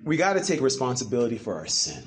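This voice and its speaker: A man preaching a sermon to a church congregation, animated and full of rhetorical questions. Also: mid-range voice, fast, a little hiss or hum. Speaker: pastor.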